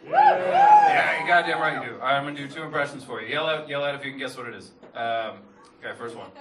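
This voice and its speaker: Dry Canadian comedian in a club. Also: male voice, mid-range voice, rapid-fire, heavy background noise. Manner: dry, sarcastic, self-deprecating. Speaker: stand-up comedian. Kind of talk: live stand-up comedy. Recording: echoey club, loud crowd, from far off.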